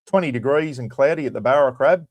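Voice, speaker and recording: A man's voice: mid-range voice, fast talker, a little mellow, dry recording. A middle-aged Australian man hosting a casual livestream chat. He greets viewers by name and drops in casual swearing. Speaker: livestream host.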